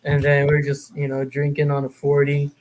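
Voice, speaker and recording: A man's voice: a little high, monotone, fairly quick, darkish tone. A man co-hosting a podcast, reminiscing in a laid-back, profane casual chat. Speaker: podcast co-host.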